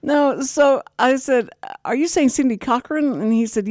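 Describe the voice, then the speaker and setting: A woman's voice: high-pitched, moderate pace, dry recording, studio quality. An older woman from Texas hosting a casual radio talk show, telling stories and acting out phone calls. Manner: animated storyteller, acts out phone calls. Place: radio studio.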